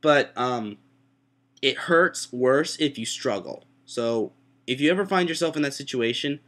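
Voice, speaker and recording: A sick young man with a sore throat rambles through a story for his vlog, poking fun at himself as he goes. His voice sits at a middle pitch and keeps jumping up high whenever he acts out what someone said. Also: expressive, a little slow, a bit bright. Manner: rambling, self-mocking, jumps into high voices for quotes. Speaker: vlogger. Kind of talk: casual storytelling.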